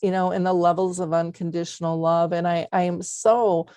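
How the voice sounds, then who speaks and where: A woman's voice: fairly low pitch, level tone, moderate pace, mellow, no echo. A middle-aged woman hosting an interview podcast, telling personal stories in an earnest, heartfelt way with many fillers. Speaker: podcast host. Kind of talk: conversational interview.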